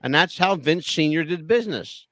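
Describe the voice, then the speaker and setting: A man co-hosting a podcast, chatting casually and emphatically in a rambling way. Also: normal speed. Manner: rambling, emphatic storyteller with lively pitch. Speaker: podcast co-host. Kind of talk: casual wrestling talk.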